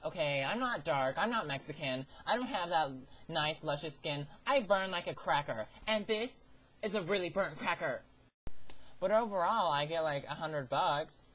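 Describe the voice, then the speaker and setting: This teen vlogger's voice sits fairly high and bright, expressive at a moderate pace, and the recording is rough. He rants through a personal story about his summer job in a sassy, theatrical, profane style.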